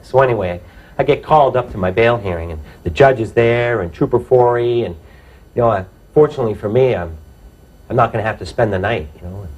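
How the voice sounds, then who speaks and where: A man's voice: mid-range voice, brisk, darkish tone, dull audio. A man telling his own true story to an audience, plain-spoken and reflective, often saying "you know".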